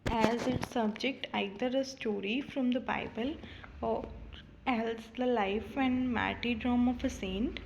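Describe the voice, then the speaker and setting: A woman teaching an exam-prep lesson, reading definitions carefully from her notes with frequent pauses and "uh" fillers. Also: on the high side, steady tone, vocal fry, noisy background. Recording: dull lo-fi recording.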